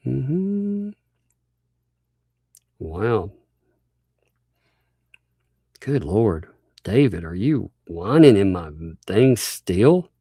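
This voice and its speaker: A man's voice: fairly low pitch, expressive, slow pace, dark tone, slightly rough, no room sound, studio quality. A man hosting a livestream, ranting in a combative, mocking way and swearing freely. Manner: combative, mocking, swears, laughs between lines. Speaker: livestream host.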